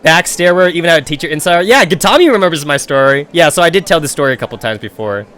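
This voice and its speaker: A young man chats on his game stream and tells rambling, profanity-laced stories. His voice sits a bit high for a man. He talks in an animated, loose way. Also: fast talker. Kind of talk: casual storytelling on a game stream.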